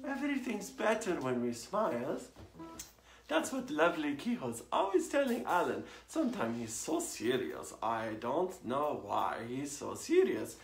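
A woman's voice: deep voice, wildly swooping pitch, measured pace, soft background music, voice pushed down, exaggerated voice. A woman putting on a theatrical foreign hostess who drawls and calls everyone darling, in an echoey home room. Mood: gushing. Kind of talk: home comedy show hosting.

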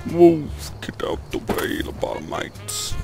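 A man doing let's play commentary, excitable, yelping and grumbling at the game. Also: slow pace, faint music behind. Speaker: gamer.

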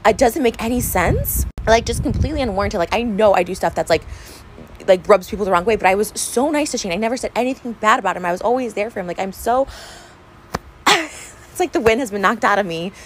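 A woman's voice: medium pitch, lively intonation, quick pace, a little hiss or hum, rough recording. A woman in her thirties venting in a personal vlog, rambling and upset, full of fillers and restarts, tearful at times, recorded on a phone camera. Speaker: vlogger. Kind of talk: emotional personal vlog rant.

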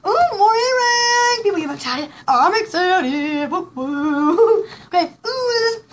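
A woman's voice: high voice, animated, a little slow, background noise. A woman hosting a casual live pearl jewelry showcase, gushing and giggling, rambling with lots of fillers. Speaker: host showing pearl jewelry.

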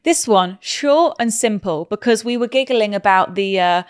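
A woman co-hosting a chatty podcast, trading quick-witted, giggly banter. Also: mid-range voice, lively intonation, smooth. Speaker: podcast co-host. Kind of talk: casual chat.

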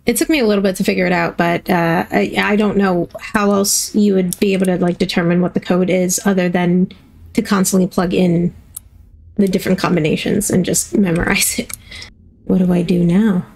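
A woman's voice: lowish voice, fairly even intonation, moderate pace, gravelly, darkish tone. A woman hosting a gaming video, giving chatty let's-play commentary and playfully reacting to herself as she plays.

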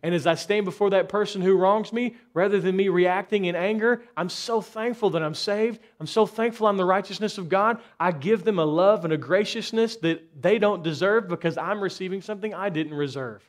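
A man's voice: high voice, a little fast, hardly any pauses. Man preaching with rhetorical questions. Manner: rhetorical questions, rising intensity in bursts. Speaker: pastor. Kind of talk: sermon. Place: church.

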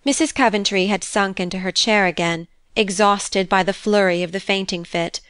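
A woman narrating a classic novel as an audiobook in a measured, expressive reading. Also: medium pitch, clean tone, no room sound. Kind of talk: scripted narration.

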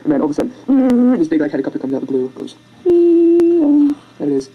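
A fast-talking amateur video maker casually retelling a film over rough sketches, rambling, self-mocking, and tripping over words. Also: mid-range voice, very animated, warm tone, rough recording. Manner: makes silly sound effects and character voices.

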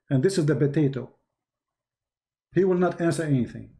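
Mocking Arabic-accented man, mellow voice. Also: fairly high pitch, a little fast, long pauses. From Middle East. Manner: mocking, animated storyteller. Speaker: host. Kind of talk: livestream commentary.

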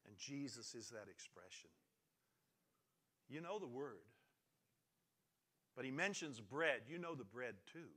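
Emphatic bright-voiced male pastor preaching. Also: mid-range voice, animated, a little slow, long pauses. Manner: dramatic swings from loud emphatic lines to quiet near-murmurs; repetitive, preacherly phrasing. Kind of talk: sermon.

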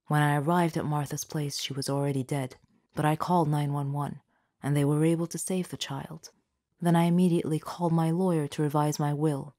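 A woman's voice: low-pitched, warm tone, no echo, studio quality. A woman voicing a livid, wealthy middle-aged father who speaks in an accusing manner. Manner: accusing, cold.

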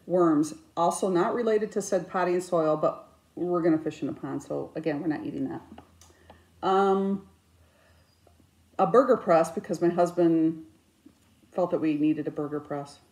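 A woman in her fifties chatting casually about her crafts, with self-mocking, animated storytelling. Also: on the low side, unhurried, long pauses. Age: 50s. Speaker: cross-stitch vlogger. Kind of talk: casual chat. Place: indoors, her craft room. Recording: echoey room.

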